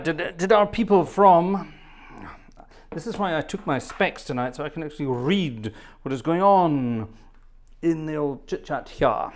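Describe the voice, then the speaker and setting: A middle-aged man hosting a live music stream, jovially rambling and joking as he reads out viewers' names from the chat. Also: mid-range voice. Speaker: live stream host and organist. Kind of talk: chatty live stream banter. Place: home studio.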